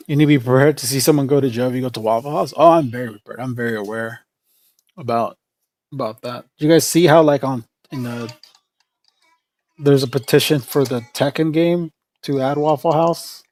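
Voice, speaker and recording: A man chats casually on his livestream, wandering from thought to thought and restarting often. His voice sits at an ordinary middle pitch, close and dry with no room sound around it. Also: normal speed, darkish tone, dry recording. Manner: rambling, with frequent restarts and fillers. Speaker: livestream host.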